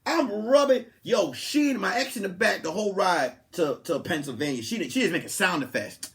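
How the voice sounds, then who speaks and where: Young male comedian, podcast host, storytelling voice, lively and high-pitched, jumps between loud and hushed. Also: normal speed, gravelly. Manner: animated, swings from loud to hushed, acts out quotes. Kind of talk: comic storytelling.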